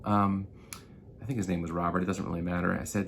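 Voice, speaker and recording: A man's voice: low voice, fast talker, creaky, a little hiss or hum. A man talking casually and with frustration to roofing contractors, telling a story and venting as a marketing consultant. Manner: animated, frustrated storytelling with profanity. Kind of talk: casual vlog rant.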